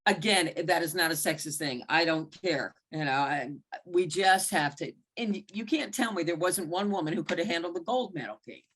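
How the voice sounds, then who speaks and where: A woman's voice: normal speed, few pauses, breathy edge. A woman basketball referee telling frank stories in a mentoring talk, acting out the exchanges she recalls. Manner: animated, acts out quoted exchanges with big pitch jumps; blunt and frank, with occasional mild swearing. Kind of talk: candid storytelling in a mentoring talk.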